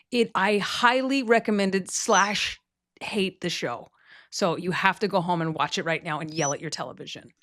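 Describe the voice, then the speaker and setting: A woman from Texas hosting a podcast in casual chat, animated and jokey, often acting out quotes. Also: mid-range voice, moderate pace, no echo, clean studio sound. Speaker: podcast host.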